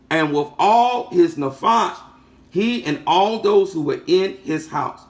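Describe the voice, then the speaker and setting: Male preacher with a fairly high voice, teaching from scripture, echoing his own lines and posing questions to the listeners. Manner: repeats phrases for emphasis, asks rhetorical questions. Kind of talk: sermon teaching.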